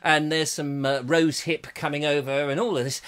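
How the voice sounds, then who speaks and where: A man's voice: a little high, flat delivery, moderate pace, a bit bright, smooth. A middle-aged man hosting a comic live chat show, rambling and joking as he reads out viewer comments and laughs often. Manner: jokey, rambling, laughing a lot.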